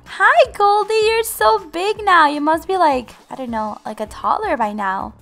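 A woman's voice: extremely high pitch, expressive, measured pace, vocal fry, a bit bright, soft background music. A woman hosting a game channel, giving bubbly, giggly roleplay commentary to her viewers.

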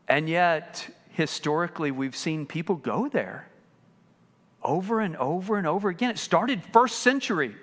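Male pastor, high lively voice, bright tone, unhurried sermon, long church reverb. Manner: animated preaching, acting out quoted voices. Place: church sanctuary.

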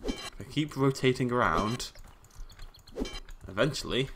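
A man giving casual, jokey commentary over a survival game, prone to sudden startled yelling. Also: mid-range voice, expressive, unhurried, background noise. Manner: chatty, jokey, yells when startled. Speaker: gaming YouTuber.

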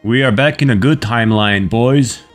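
A man giving casual commentary over his own gameplay, excitable and swearing at enemies. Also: mid-range voice, moderate pace, soft background music. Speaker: gaming video host.

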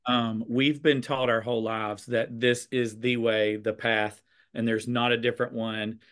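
A man with a clear Southern American accent, talking in a relaxed, expressive way, with a touch of sass in his delivery. He sounds like a teacher chatting over a video call, mid-pitched for a man. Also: measured pace. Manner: expressive, a bit sassy, warm storytelling. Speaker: teacher and conversation host. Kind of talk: casual video chat.

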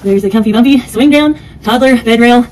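A woman's voice: fairly high pitch, fairly quick, darkish tone, distant mic, a little hiss or hum, rough recording. A woman hosting a casual home vlog, narrating a product assembly in a rambling way with lots of fillers, indoors at home. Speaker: product reviewer.

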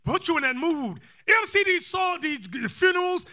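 A man teaching a scripture class in a lively, joking sermon style, acting out quotes. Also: very high-pitched, a little fast, few pauses. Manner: animated, joking, acts out quotes, calls for readings.

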